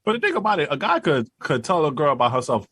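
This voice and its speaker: A man's voice: on the high side, huge pitch swings, fast talker, fairly bright tone, slightly rough, dry recording. A man in casual podcast chat who argues his side and stammers repeated words as he jumps in. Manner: argumentative, stammers repeated words when jumping in.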